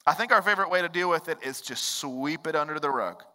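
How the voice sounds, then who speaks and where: A man's voice: fairly high pitch, fast, pushed and bright, in a large hall. A male pastor giving a sermon in an earnest, conversational way, with personal stories. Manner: earnest, conversational preaching with storytelling asides.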